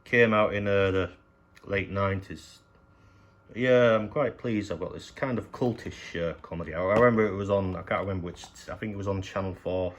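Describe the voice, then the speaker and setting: Very deep-voiced man rambling. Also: a little fast, dull audio. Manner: rambling, hesitant, swears casually. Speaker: collector showing his DVDs. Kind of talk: casual unscripted show-and-tell.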